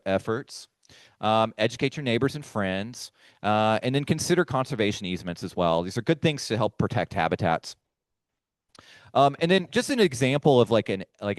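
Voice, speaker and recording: A man's voice: mid-range voice, no echo. A man giving a casual, conversational lecture to a live audience and speaking to them directly. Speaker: firefly researcher giving a talk. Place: meeting room with a live audience.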